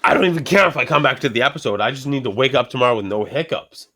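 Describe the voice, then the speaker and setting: A man's voice: medium pitch, racing, pushed and bright. A middle-aged man hosting a casual podcast, rambling animatedly and swearing constantly. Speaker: podcast host. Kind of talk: casual profane podcast banter.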